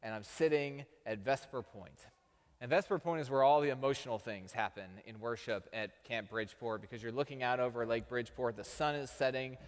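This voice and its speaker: A man's voice: medium pitch, fairly quick, big-room sound. A man from Texas, a pastor telling a story in a sermon with self-deprecating humor.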